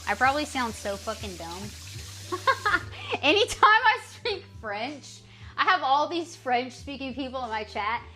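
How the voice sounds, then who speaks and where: A woman with a high, bright voice and an American accent talks slowly and playfully to her live chat, testing out awkward French. Faint music plays behind her. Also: very animated. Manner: playful, chatty, trying out clumsy French phrases. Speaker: livestreamer. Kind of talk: casual chat with live stream viewers.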